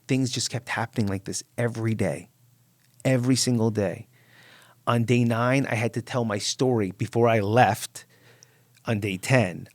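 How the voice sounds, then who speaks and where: A man from New Jersey, a podcast guest, telling a personal story in an animated, emphatic way and swearing freely. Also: fairly low pitch, no echo.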